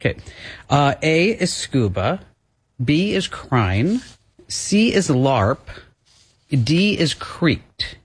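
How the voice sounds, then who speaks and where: A man hosting a radio show in a studio, his voice a little high and swinging widely in pitch. He is playful, laughs a lot and teases his co-host with quiz questions. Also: big pitch swings, extremely slow, pauses often, slightly rough. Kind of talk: casual radio chat with an ad read.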